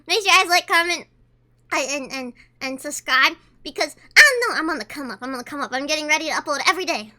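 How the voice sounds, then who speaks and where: A woman's voice: high voice, big pitch swings, fast, bright, forceful tone. A woman streamer chatting casually with her chat, reading messages aloud and talking while she eats. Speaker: livestreamer.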